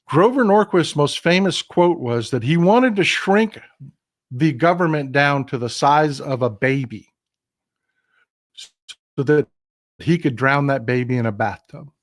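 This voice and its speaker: A man's voice: a little high, lively intonation, a little slow. An older man hosting a political commentary livestream, talking with passion and emphasis, repeating phrases, and reading viewer comments aloud. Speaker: livestream host.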